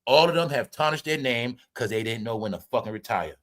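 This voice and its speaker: A man hosting a celebrity gossip show, ranting with profanity and mockery, swinging between loud outbursts and low mutters. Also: animated, fairly quick. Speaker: commentary show host.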